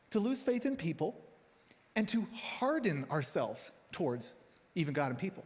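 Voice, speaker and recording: A male pastor in his thirties delivers a sermon with a somewhat high voice. He tells stories in an animated, self-deprecating way. His voice rings out with a long reverb, as in a church auditorium. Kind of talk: sermon with personal story.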